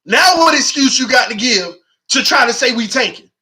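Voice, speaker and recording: A man hosting a fan channel, chatting to viewers in an emphatic, excitable way and leaning on "man" and "y'all" constantly. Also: very high voice, normal speed. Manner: emphatic, shouts and preaches at viewers. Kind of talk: excitable fan livestream chat.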